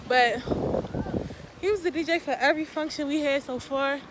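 A woman's voice: high voice, normal speed, background noise. A young adult woman vlogging casually, slangy and laid-back, with laughing asides. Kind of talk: casual vlog chat. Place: outdoors on a college campus at night.

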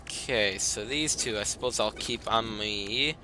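A man giving casual let's play commentary, breaking into excited outbursts and complaints, then muttering to himself while sorting gear. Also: fairly low pitch, a little slow, slight background noise. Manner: self-talk, mutters and trails off while managing inventory. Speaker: gaming commentator. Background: game music.

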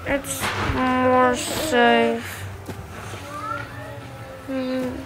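A woman giving excited, chatty gameplay commentary who repeats herself when things get tense. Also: high-pitched, drawn-out words, poor audio. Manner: chatty, exclaims and repeats itself under stress. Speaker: gaming video narrator. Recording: loud background noise.

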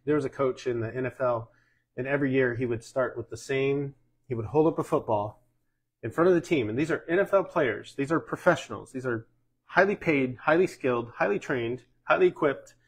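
Male pastor, middle-aged, from the US, husky voice, folksy teaching. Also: medium pitch, brisk. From United States. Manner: folksy, uses sports analogies, asks "Amen?". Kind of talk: conversational sermon teaching.

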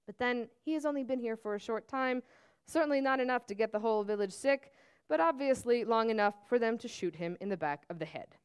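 A woman from Serbia, an author, reading her novel aloud in a measured, steady first-person narration at a museum auditorium. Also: on the high side, clean tone.

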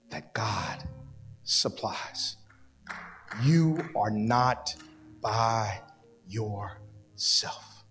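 A man preaching a sermon in a church, with fervent, prayerful repeated pleas. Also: medium pitch. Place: church sanctuary. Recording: long hall reverb with soft music behind.

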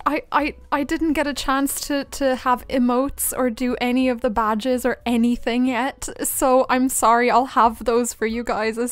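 A woman streaming a life-sim game, gushing and giggling, close to tears with excitement. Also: a little high, moderate pace, hardly any pauses, no echo, faint music behind. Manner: giggly, gushing, laughs often. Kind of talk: excited livestream chat.

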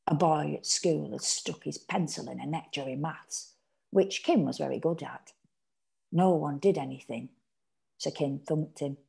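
An English woman reading a short story aloud from home, measured and sometimes hushed. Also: sits low, gravelly. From England.

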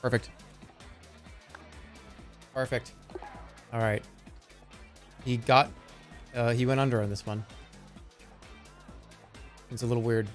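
A man's voice: medium pitch, steady tone, slow pace, pauses often, soft background music. A man in his thirties giving casual, jokey gameplay commentary as a streamer, often sounding incredulous.

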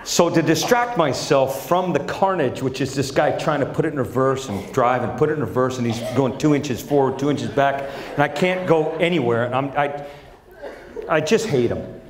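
A middle-aged man performing a stand-up comedy set on a large theater stage, telling stories with lively energy and acting out his family's voices. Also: medium pitch, normal speed, a crowd in the background. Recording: echoey live theater with audience.

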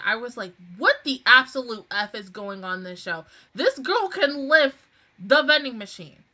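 A woman hosting an anime reaction video, talking casually with lively swearing and frequent laughs. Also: mid-range voice.

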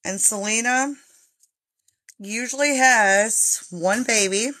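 Speaking slowly with a bright, forceful tone and a fairly high pitch, this woman chats casually to her livestream viewers. She breeds chinchillas and talks straight to them on a handheld phone at home, where there are stairs.

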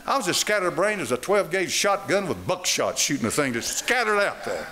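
A man's voice: a little high, big pitch swings, brisk, sharp tone. An older man preaching a sermon in church, firing rhetorical questions at the congregation. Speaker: pastor. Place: church sanctuary.

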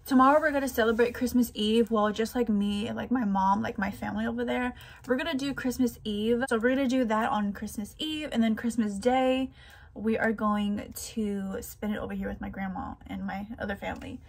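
A woman's voice: on the high side, fairly even intonation, a little fast, creaky. A young woman vlogging in a chatty, playful way, calling her viewers girl. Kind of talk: casual vlog chat.

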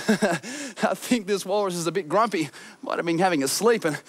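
A woman's voice: fairly low pitch, expressive, normal speed, breathy edge, dry recording. A woman presenting a children's TV show, exploring playfully, giggling and singing as she talks to the viewers. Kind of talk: children's show narration with songs.

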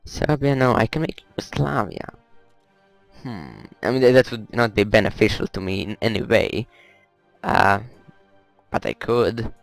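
A low, gravelly-voiced man talks through his strategy game in a loose, rambling way, muttering and cursing at the enemy. The sound is dry and close, with faint game music underneath. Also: animated, a little slow, no room sound, rough recording. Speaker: gameplay commentator. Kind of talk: casual let's-play commentary.

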